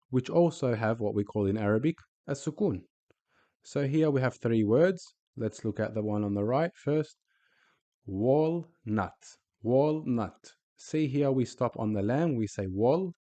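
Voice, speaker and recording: A man's voice: mid-range voice, dark tone. A man teaching a recorded Arabic lesson, speaking patiently and repeating each example word.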